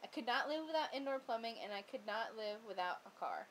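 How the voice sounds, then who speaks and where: A woman's voice: fairly high pitch, lively intonation, fast, poor audio. Teasing woman with a light voice. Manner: laughing, teasing. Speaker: vlog co-host. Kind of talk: casual chat.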